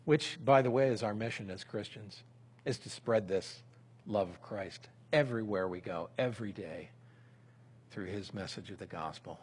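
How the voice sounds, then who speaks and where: A man giving a sermon in a relaxed, conversational way, speaking example prayers aloud as he teaches. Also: fairly low pitch, normal speed, husky. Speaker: pastor.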